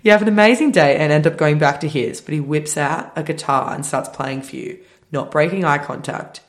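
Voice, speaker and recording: A young woman trading stories on a chat podcast, with a low voice for a woman. She talks bluntly and breaks into laughter often. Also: a little fast. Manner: blunt, giggly, joking. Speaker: podcast co-host. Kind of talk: casual chat.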